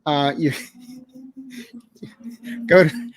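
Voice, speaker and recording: A man's voice: fairly high pitch, expressive, very slow. A man, a psychic co-hosting a show, chatting casually and telling jokes. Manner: chatty, joking storyteller. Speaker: psychic, co-host. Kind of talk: casual chat.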